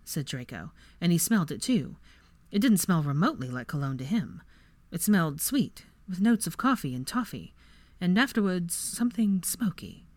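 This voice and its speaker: A woman narrating a fan fiction story softly, reading to listeners. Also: low voice, expressive, normal speed, no room sound. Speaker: audiobook reader.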